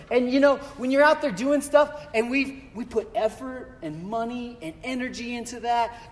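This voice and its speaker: A man preaching a sermon in a chatty, animated way, telling a story and asking rhetorical questions. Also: high-pitched. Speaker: pastor. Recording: long reverb of a hall.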